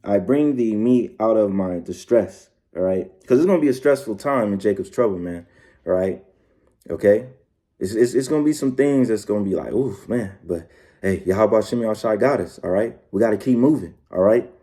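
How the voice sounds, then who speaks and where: A preacher with a lowish, warm voice and lively intonation teaches scripture loosely and casually. He tags phrases with "all right" and "man," uses lots of fillers and restarts, and reads verses slowly.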